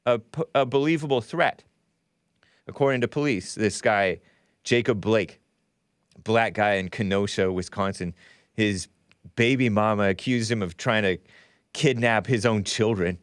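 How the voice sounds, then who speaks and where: A man's voice: lowish voice, a little slow, pauses often, no room sound, clean studio sound. A middle-aged man hosting a talk show, rambling sardonically and laughing at his own jokes. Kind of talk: solo political talk show monologue.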